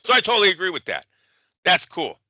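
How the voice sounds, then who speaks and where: A man's voice: high-pitched, wildly swooping pitch, fast talker, pushed and bright, no echo, low-quality recording. A man co-hosting a boxing podcast, ranting in heated, profane casual chat. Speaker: boxing show co-host.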